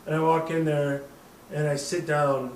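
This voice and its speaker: A thirtysomething podcast host from the American Midwest speaks a little slowly in a slightly high voice with flat delivery. Still, his long casual story is rambling and profane, with frequent laughs and put-on quoted voices, recorded by a distant mic in an echoey room with slight background noise.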